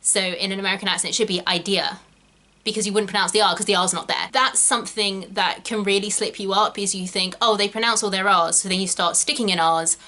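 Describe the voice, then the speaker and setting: A young woman from Britain with a non-rhotic English accent talks through a casual video lesson as an acting teacher. Her voice is bright and a little sharp. She rambles into tangents and stops to correct herself mid-sentence. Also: mid-range voice, steady tone, quick pace, few pauses. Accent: British English, non-rhotic.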